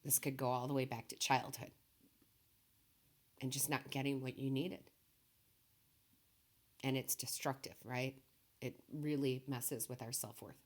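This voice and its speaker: Soft-spoken, tearful woman tarot reader. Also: a bass voice, steady tone, measured pace, pauses often. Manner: soft-spoken, emotional, reassuring, says okay often. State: tearful, voice low and quiet. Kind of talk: emotional tarot reading.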